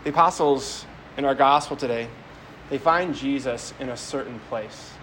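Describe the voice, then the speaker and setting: The recording is low quality, with a bit of hiss or hum, as a Catholic priest gives a homily in a mid-range, fairly bright voice at normal speed. His delivery is conversational and story-driven, with frequent repetition of words.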